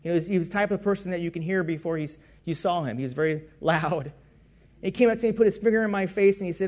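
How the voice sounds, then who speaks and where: High-voiced man preaching a testimony. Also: quick pace, darkish tone. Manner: conversational storytelling with self-corrections. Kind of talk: personal testimony sermon.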